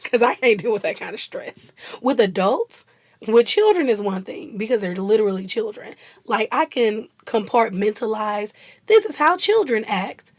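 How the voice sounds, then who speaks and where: A woman's voice: medium pitch, moderate pace, no echo. A young woman chatting casually and laughing often as a vlogger. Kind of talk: casual chat.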